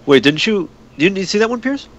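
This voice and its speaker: A man in casual chat, cutting in with quick jokes. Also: high voice, very animated, fairly bright tone, lo-fi sound. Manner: quick joking interjections.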